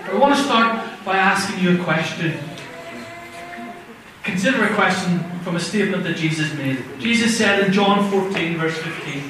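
A man's voice: high voice, normal speed, background noise. A man preaching a sermon in a conversational way, often putting questions to his listeners. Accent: non-American. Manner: conversational, asks the audience questions. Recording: very echoey room, voice from far off.

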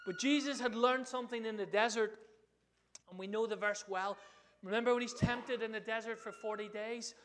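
A man preaching a sermon in an animated way, often asking the congregation questions. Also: high-pitched, normal speed, slight background noise.

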